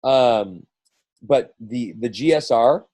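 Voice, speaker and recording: A man's voice: mid-range voice, slow, warm tone, dry recording, rough recording. A middle-aged man leading a group coaching call in a casual, rambling way, full of restarts and acted-out quotes.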